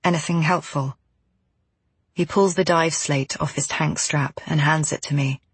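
A woman reading a first-person novel aloud as an audiobook narrator, in a steady, measured way. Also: sits low, a little hiss or hum.

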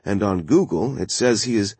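A man voicing an alert, excited male crime reporter in an audiobook, speaking eagerly and quickly. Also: on the low side, slightly rough, no echo.

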